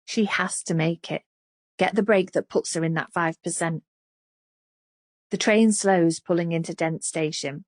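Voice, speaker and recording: A woman reading an audiobook thriller in an expressive, scripted narration. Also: lowish voice, unhurried, no room sound, clean studio sound.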